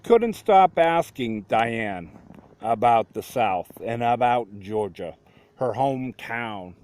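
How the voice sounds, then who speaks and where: A middle-aged man telling a personal story in a slow, reflective, conversational way. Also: mid-range voice, lively intonation, a little mellow.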